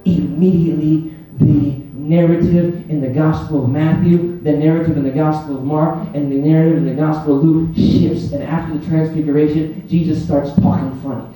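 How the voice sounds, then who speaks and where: Warm dark-voiced guy preaching, animated storytelling, mic a bit far off, roomy church. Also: a little high, a little fast, hardly any pauses. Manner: lively storytelling, acts out scenes. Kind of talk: sermon. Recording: echoey hall, distant mic, faint music.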